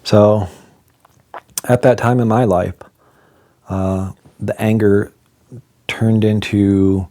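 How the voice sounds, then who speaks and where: A man in his forties with a low, mellow voice tells a hard story from his own life. He speaks candidly and reflectively, pausing often and restarting his sentences as he goes. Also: level tone. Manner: candid and reflective, halting with fillers. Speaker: vlogger. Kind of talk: personal storytelling to camera.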